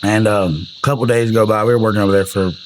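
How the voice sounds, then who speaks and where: A man's voice: on the low side, steady tone, quick pace, a little hiss or hum, low-quality recording. A man, telling rambling, profane stories about his music in a casual way. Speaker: country singer telling album stories. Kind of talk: casual storytelling.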